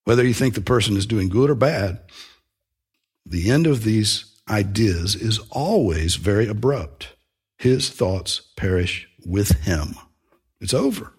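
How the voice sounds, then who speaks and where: Male preacher delivering a sermon, slightly husky, earnest, leans hard on key phrases. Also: on the low side, animated, darkish tone. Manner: earnest, emphatic, with slow stressed phrases and small restarts.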